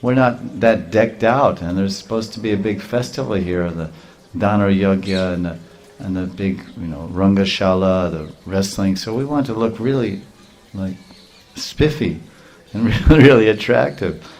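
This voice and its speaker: A man's voice: low-pitched, normal speed, a little mellow. A man voicing a playful, confident young cowherd boy who speaks casually and teasingly, in a storytelling sermon.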